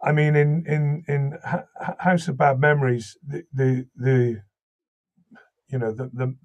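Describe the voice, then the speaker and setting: A man from Wales with a slight Welsh accent, a voice actor and audiobook narrator telling animated stories in an interview, often restarting his sentences. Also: mid-range voice, measured pace, muffled recording. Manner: animated anecdotal storytelling, many restarts. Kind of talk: interview conversation.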